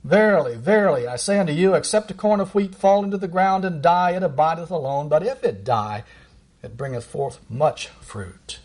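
Emphatic male preacher reading scripture. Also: a little mellow. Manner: emphatic, rises high when reading verses and slows down. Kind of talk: sermon reading scripture aloud.

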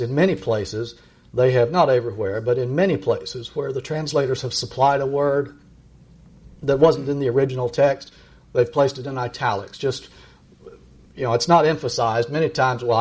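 A middle-aged man preaching a sermon, reading verses aloud with emphatic, rising delivery and slowing down on key lines. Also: a little mellow, breathy edge. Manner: emphatic, rises high when reading verses and slows down.

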